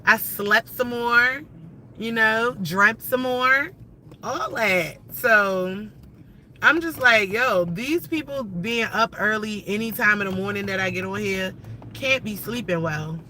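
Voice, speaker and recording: A woman hosting a casual livestream, ranting in an animated, profane and rambling way. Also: medium pitch, slow pace, a little hiss or hum, low-quality recording. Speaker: livestream host.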